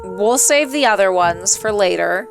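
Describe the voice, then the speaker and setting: A young woman streams a visual novel, reading its lines aloud at a middle pitch. She keeps breaking into excited, swear-filled gushing about the characters. Soft music plays underneath. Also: unhurried, gravelly. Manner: excitable, swears freely, gushes over characters. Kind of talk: reading a game aloud with casual reactions.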